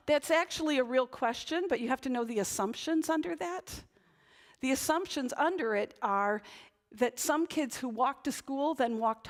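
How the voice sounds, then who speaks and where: A woman pastor giving a conversational sermon, often tagging her points with "right?". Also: high-pitched. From Northern New England. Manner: conversational, chatty, frequent "right?" tag questions. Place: church.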